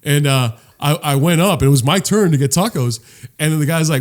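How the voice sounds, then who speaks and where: A man's voice: on the high side, fairly quick. A man co-hosting a casual comedy podcast, rambling through stories, swearing and acting out the voices of people he met. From Los Angeles. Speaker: podcast co-host.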